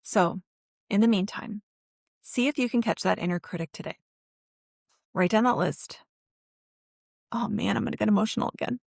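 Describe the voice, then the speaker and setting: A woman's voice: medium pitch, normal speed, vocal fry, long pauses, a little mellow, no room sound, studio quality. A woman therapist hosting her own self-help podcast. She talks directly to the listener in an earnest, encouraging, emotionally open way.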